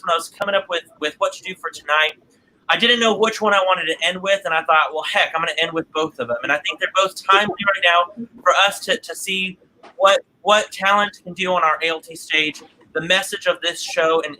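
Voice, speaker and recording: Bright-voiced emotional stream host. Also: male voice, high voice, a little hiss or hum, low-quality recording. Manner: chatty, repeats words often, gets emotional. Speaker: host of an online theater broadcast. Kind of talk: live-stream host reading viewer comments.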